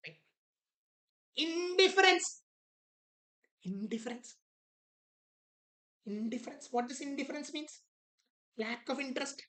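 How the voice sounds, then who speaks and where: A woman's voice: high-pitched, a little fast, low-quality recording. Lady teaching exam prep online, repeats stuff, acts out the author's attitude.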